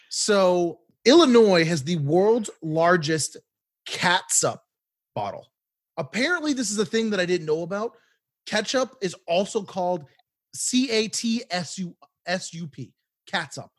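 High, lively podcast co-host, a man. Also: a little slow. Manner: animated, indignant ranting with laughs. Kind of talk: casual podcast banter.

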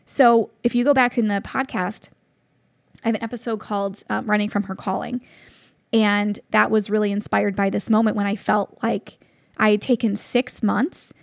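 Earnest woman with a slightly gravelly voice. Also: medium pitch, little pitch movement, moderate pace, dry recording, clean studio sound. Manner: earnest, reflective storytelling with frequent restarts. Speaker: podcast host. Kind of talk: personal devotional podcast talk.

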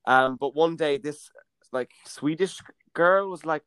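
A man's voice: a little high, unhurried, fairly bright tone, clear, resonant tone, no echo. A man co-hosting a podcast, telling a story in a teasing, joking way. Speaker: podcast co-host. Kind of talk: casual storytelling chat.

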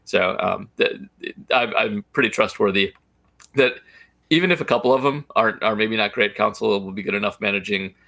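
A man's voice: lowish voice, fairly quick, gravelly, sharp tone, dry recording. A man co-hosting a casual baseball podcast, blunt and opinionated, with many fillers. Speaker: podcast co-host.

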